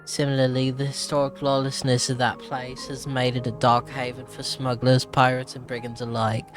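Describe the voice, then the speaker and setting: A man's voice: mid-range voice, completely flat delivery, normal speed, close to an everyday voice. A man reading aloud in a put-on British accent as a reluctant female travel writer, theatrical and stumbling over words. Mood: wry. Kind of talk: reading in-game text aloud. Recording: game music underneath.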